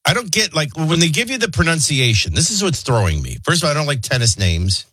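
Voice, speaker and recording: Male talk radio host, husky and stuffed up, lively rambling delivery, dry close mic. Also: on the high side, fast talker, no echo. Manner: rambling, wry and conversational. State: stuffy and congested. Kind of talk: casual talk radio chat.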